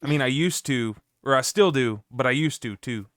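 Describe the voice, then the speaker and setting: A man's voice: medium pitch, moderate pace, a bit bright, no room sound, clean studio sound. A man telling a long joke in a casual chat with friends, easygoing. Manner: easygoing storyteller with fillers.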